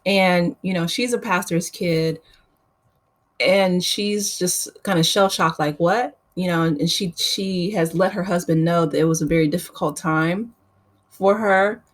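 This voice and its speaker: Woman, lowish voice, casual reality TV recap, chatty, opinionated, lots of fillers. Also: measured pace. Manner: chatty, opinionated, many fillers like "you know". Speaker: YouTube reality TV recap host.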